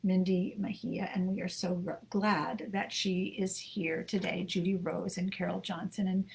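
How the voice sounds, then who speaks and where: A middle-aged woman from the United States co-hosting a live book show from her home desk, chatty and warm, greeting viewers by name with many ums. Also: on the low side, flat delivery, a little slow, creaky. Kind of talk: casual live-stream chat greeting viewers.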